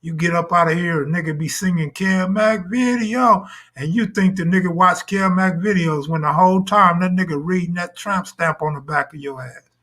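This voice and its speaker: Bright-voiced man hosting a live stream. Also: high voice, moderate pace. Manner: crude, boastful, joking banter. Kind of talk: casual live-stream talk.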